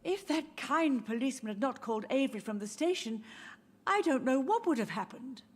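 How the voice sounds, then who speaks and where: A woman's voice: high voice, lively intonation, a little fast, breathy edge. An actress voicing a frail elderly mother in a video game, grieving and confused, speaking in a wistful, drifting way. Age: older. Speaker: game character. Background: soft game music.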